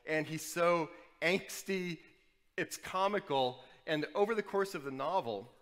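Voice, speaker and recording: A man from New Orleans preaching a sermon, with animated storytelling and wry asides. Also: on the high side, measured pace, in a large hall. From New Orleans, USA. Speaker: pastor.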